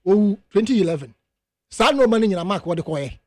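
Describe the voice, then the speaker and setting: A Ghanaian man arguing on a radio talk show, emphatic, switching between English and Twi and rising into animated outbursts. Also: sits high, brisk, no room sound. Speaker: radio panel guest. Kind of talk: heated radio debate. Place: radio studio.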